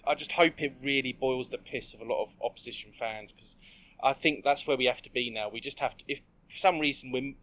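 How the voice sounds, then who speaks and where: Relaxed male podcast co-host. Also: mid-range voice, brisk. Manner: relaxed, rambling with fillers. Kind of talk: casual chat.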